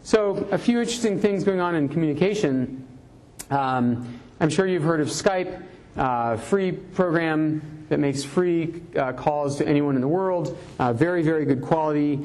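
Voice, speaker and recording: A middle-aged man gives a live tech talk to a room, rambling in a chatty, storytelling way. He stops often on fillers and restarts, and his voice sits a little higher than most men's. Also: normal speed, a little mellow. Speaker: tech columnist giving a talk.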